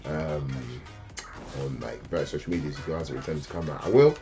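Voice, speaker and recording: A young man from South West talks to his livestream viewers in a loose, slangy ramble. His voice sits very low, and his sentences often break off and restart. Faint radio music plays in the background. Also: fairly even intonation, fairly quick, gravelly, a little mellow. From South West London. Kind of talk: casual livestream chat.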